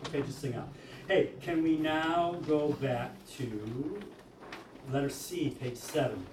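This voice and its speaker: A man's voice: on the high side, noisy background. A man leading a choir rehearsal, explaining how to sing a passage and singing lines to demonstrate. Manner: explains briskly, then sings lines to demonstrate. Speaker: choir director. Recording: echoey room from far off.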